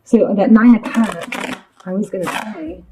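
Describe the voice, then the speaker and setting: Speaking at an unhurried pace in a medium-pitched voice, a woman gives a casual, rambling tarot reading to the camera from a room at home with her dog, and there's noise in the background. She's chatty, easily sidetracked, and leans on lots of fillers.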